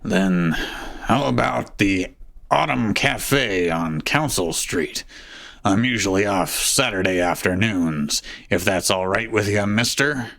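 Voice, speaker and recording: A man voicing McGruff, a flirty bloodhound police officer, during a live group fanfic reading, in a slow, gravelly low-key manner. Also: fairly bright tone, heavily acted.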